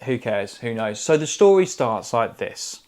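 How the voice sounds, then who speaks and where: A man's voice: medium pitch, big pitch swings, unhurried, darkish tone. A man, an estate agent, telling a clipped, chatty story while co-hosting a podcast from a living room. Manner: chatty anecdotal storyteller, drops subjects from clipped sentences. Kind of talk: casual storytelling chat.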